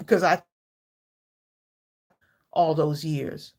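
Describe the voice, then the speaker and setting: Woman, 60s, live-stream host: gravelly and lowish, heartfelt and chatty, laughs often. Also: measured pace. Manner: heartfelt, chatty, reads viewers' comments aloud and greets them by name; laughs often between thoughts. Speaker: livestream craft channel host. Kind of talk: casual live-stream chat with viewers.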